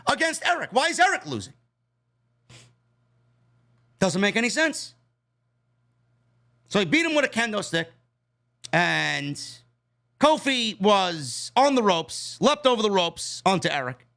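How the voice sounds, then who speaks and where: Profane, animated wrestling reviewer, man. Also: sits high. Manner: blunt, profane, exasperated. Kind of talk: ranting show review.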